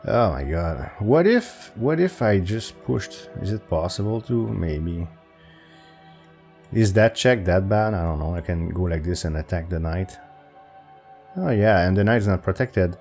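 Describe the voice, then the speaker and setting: A man's voice: expressive, measured pace, darkish tone, faint music behind. A man thinking aloud while solving chess puzzles for his channel, hesitant and full of restarts. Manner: hesitant, self-talking with restarts and pitch jumps. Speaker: chess video creator.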